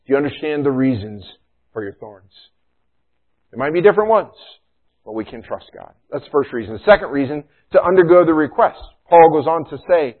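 A man's voice: a little high, lively intonation, a little fast. A middle-aged man pastor preaching a sermon in a conversational way, often adding "you know" and "right?". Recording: thin phone-like sound.

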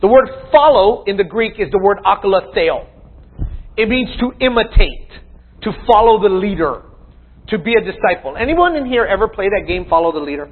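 A man preaches to his congregation, pressing his points with questions and answers. His voice sits high and a little husky. The recording is thin and tinny, like a phone line. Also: expressive, brisk. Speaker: pastor. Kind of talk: sermon.

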